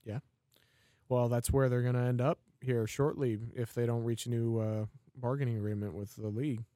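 A man co-hosting a fan podcast in an easygoing, joking way. His voice sits at an ordinary middle pitch. The sound is dry and close to the mic. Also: steady tone, warm tone, no room sound. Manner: laid-back, joking, quick to laugh. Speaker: podcast co-host. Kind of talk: casual fan podcast chat.

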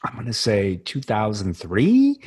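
A husky-voiced man chats casually as a podcast co-host, his pitch swinging widely as he tells an anecdote. He talks in an animated way and laughs his way through the story. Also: unhurried. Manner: animated, laughs while telling stories.

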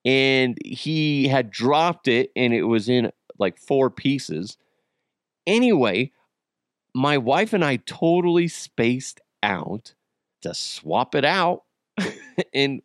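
A man hosting a podcast, telling a family story in a casual, animated way and swearing freely. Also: medium pitch, no echo, clean studio sound. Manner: animated, swears freely, acts out quoted voices. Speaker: podcast host.

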